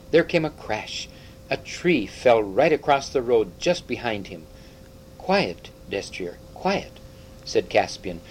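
A man narrating a storybook aloud with expressive, dramatic delivery. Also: lowish voice, a little hiss or hum, poor audio. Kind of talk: audiobook storytelling.

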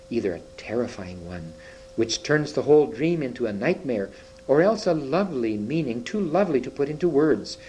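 A man reading a children's story aloud, expressive, with occasional slips and restarts. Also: mid-range voice, slight background noise, rough recording. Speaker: reader.

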